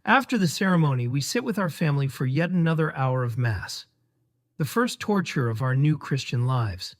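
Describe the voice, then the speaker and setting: A man's voice: on the high side, lively intonation, normal speed. A man narrating his own memoir audiobook in a wry, sardonic storytelling manner.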